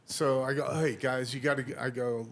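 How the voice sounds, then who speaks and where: A man's voice: medium pitch, level tone, fairly quick, creaky, a bit bright. A man on a podcast telling a long anecdote in casual chat, acting out dialogue and laughing often. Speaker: podcast host.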